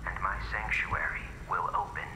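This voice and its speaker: An actor playing a calm, obsessive music director speaking slowly and softly on an audio log. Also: male voice, low voice, close to an everyday voice. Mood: reverent. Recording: echoey old audio log with hiss.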